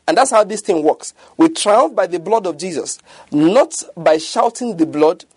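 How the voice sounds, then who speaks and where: A man's voice: high-pitched, darkish tone, slightly rough, no room sound. A man preaching a sermon, emphatic and often checking whether his listeners follow. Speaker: pastor.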